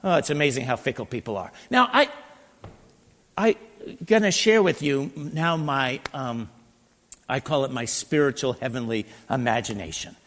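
A man preaching a sermon and reading scripture, animated and swinging between loud emphasis and quiet asides. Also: mid-range voice, normal speed. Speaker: pastor. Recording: long reverb in a large hall.

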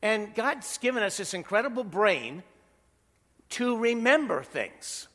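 A man's voice: sits high, big pitch swings, measured pace, sharp tone, long reverb tail. A middle-aged man preaching a sermon as pastor, in a conversational way that leans on rhetorical questions.

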